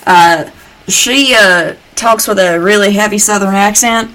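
A woman's voice: mid-range voice, a little slow, fairly bright tone, low-quality recording. A woman from Georgia, a podcast guest chatting casually with lots of fillers. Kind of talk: casual chat.

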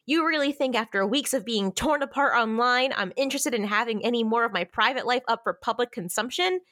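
A woman's voice: fairly high pitch, brisk, a bit bright, no echo, studio quality, natural voice. Woman reading as a bitter male romance hero. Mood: angry.

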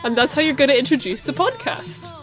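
A woman's voice: high-pitched, very animated, fairly quick, fairly bright tone, faint music behind. A woman co-hosting a podcast in casual, wry banter, swearing freely. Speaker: podcast co-host. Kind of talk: casual chat.

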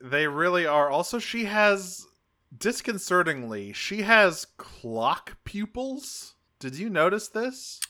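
A man's voice: high-pitched, sing-song, slow, pushed and bright. A man co-hosting a podcast, casually recapping a cartoon episode in a rambling, self-correcting way with offhand swearing. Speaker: podcast co-host.

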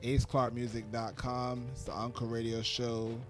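A man's voice: medium pitch, flat delivery, moderate pace, music in the background. A man hosting a hip-hop interview podcast, laid-back and chatty. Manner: laid-back, lots of backchannel. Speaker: host.

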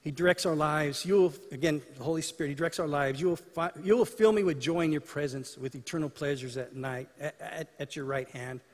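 High-voiced man preaching in a reverberant hall. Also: fairly quick, few pauses. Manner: conversational storytelling preaching, acting out dialogue. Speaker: pastor. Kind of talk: sermon.

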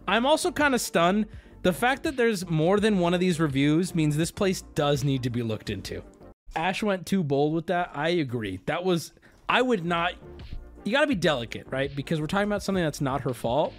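Young male streamer, high and very animated voice, blunt and profane, laughs through casual reaction chat. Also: brisk, faint music behind.

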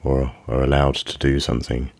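A podcast host with an extremely low voice asks calm, reflective questions. They drop in short murmurs of agreement while the guest talks. The sound is close and dry. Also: vocal fry, no room sound. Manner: measured, reflective, brief affirming murmurs. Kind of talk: interviewing.

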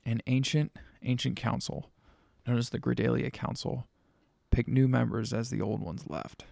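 A man narrating a spooky story in a measured, dramatic manner. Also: mid-range voice, steady tone, vocal fry, a little mellow, no echo, clean studio sound.

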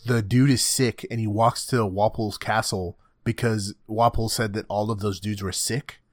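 Young male co-host, lowish voice, animated and profane, dry close headset sound. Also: moderate pace, no echo. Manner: animated, swears a lot, acts out scenes in silly voices. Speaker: podcast co-host. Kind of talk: casual chat. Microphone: budget gaming headset.

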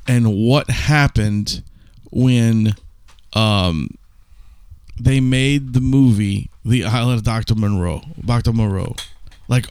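Guy on a podcast rambling thru a story, smooth resonant voice, dry close mic, cusses a bit. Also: mid-range voice, dry recording. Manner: rambling storyteller with casual swearing. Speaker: podcast co-host. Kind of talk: casual chat.

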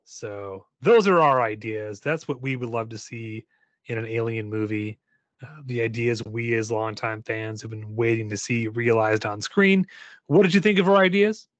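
A man's voice: mid-range voice, normal speed, no room sound, lo-fi sound. A man co-hosting a casual chat about movies, playful and joking, wrapping up the episode for listeners. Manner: playful, wraps up like a host. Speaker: podcast co-host.

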